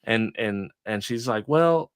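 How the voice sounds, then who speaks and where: A man's voice: fairly low pitch, lively intonation, a little fast, a bit bright, dry recording, clean studio sound. A man co-hosting a casual chat show, telling jokey stories. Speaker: podcast co-host.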